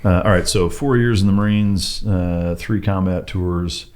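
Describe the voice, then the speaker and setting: Middle-aged guy hosting a podcast, super low voice, lots of uh's and you knows. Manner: relaxed, halting, lots of fillers. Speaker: podcast host. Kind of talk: casual interview chat.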